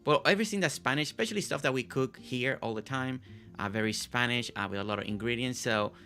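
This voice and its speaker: A man's voice: medium pitch, quick pace, pushed and bright. A man from Puerto Rico hosting a casual game stream, chatting in a rambling way with lots of fillers. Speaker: streamer host.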